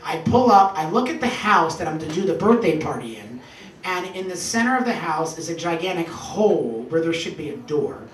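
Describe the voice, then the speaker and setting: A man performing a stand-up comedy set, telling stories animatedly and shouting punchlines in put-on voices. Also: on the high side, sing-song, normal speed, a little hiss or hum. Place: small comedy club stage. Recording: roomy club sound from a distance with audience. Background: audience laughter.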